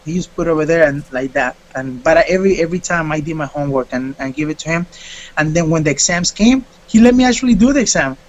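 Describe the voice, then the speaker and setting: A man, a fighter being interviewed, telling a story in a casual, animated way and acting out what people said. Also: on the high side, fast talker, muffled recording, a little hiss or hum. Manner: animated, acts out quotes.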